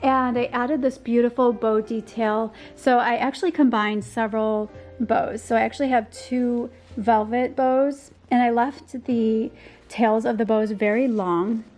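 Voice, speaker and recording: Woman, home tour vlogger, slightly high voice, gushing, a bit hoarse, soft music underneath. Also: steady tone, a little slow. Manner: gushing, enthusiastic, frequent ums and likes. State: slightly losing her voice. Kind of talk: casual home tour narration.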